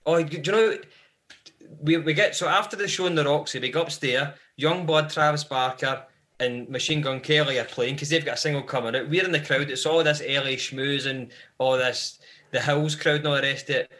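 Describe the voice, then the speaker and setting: A man's voice: on the high side, fairly even intonation, fairly quick, sharp tone. A Scottish man, a guest in a live podcast interview, telling long rambling anecdotes about life on the road. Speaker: band member guest.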